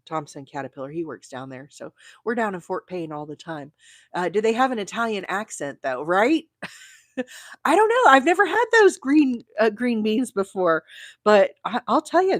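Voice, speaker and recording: Chatty woman with a dry, lowish voice. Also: dry recording. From Arizona. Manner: rambling, chatty, reads out viewer comments; bursts of high excited emphasis. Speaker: crochet livestream host. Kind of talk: casual live-stream chat.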